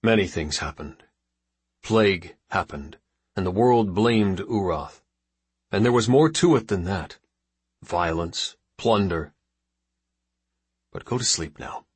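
A man's voice: low-pitched, lively intonation, takes it slowly, long pauses, husky, dry recording, full character voice. A man voicing a stern, grieving old father in a storybook reading, speaking in a clipped way through his teeth. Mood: weary.

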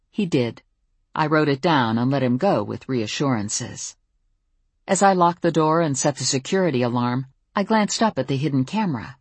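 Husky-voiced woman narrating a story. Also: a bass voice, expressive, normal speed, no room sound. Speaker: audiobook narrator. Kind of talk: first-person story narration.

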